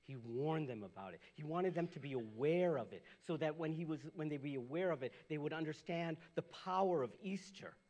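A middle-aged man, a pastor, preaching a sermon, animated and swinging from loud bursts to hushed lows. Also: a little fast, hardly any pauses.

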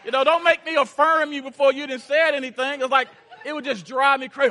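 A man preaching a sermon, telling a story and shifting between loud urgency and hushed, intense passages. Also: very high-pitched, steady tone, fast, a faint crowd. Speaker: pastor.

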